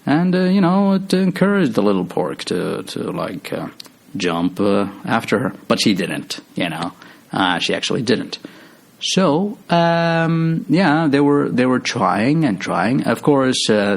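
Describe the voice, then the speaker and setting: A man's voice: mid-range voice, expressive, takes it slowly, gravelly. A man casually retelling a movie's story, rambling with lots of fillers and restarts. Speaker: movie recap host.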